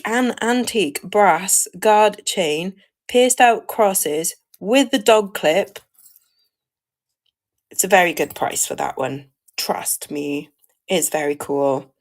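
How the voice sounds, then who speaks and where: Chatty Welsh woman selling jewellery live. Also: medium pitch. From Wales. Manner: chatty, laughs often, greets viewers. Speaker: live-stream jewellery seller. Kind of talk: live selling stream chat.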